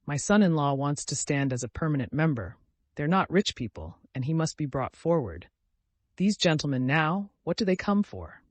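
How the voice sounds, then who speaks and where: A man's voice: on the high side, big pitch swings, normal speed, dry recording. A man voicing an older country landowner with grey whiskers, genial and reflective, in a storybook reading.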